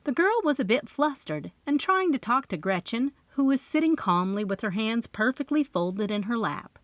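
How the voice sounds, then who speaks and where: Woman audiobook narrator, first person, animated, playful storytelling, dry studio sound. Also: fairly high pitch, moderate pace, dry recording. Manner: expressive storytelling with character voices.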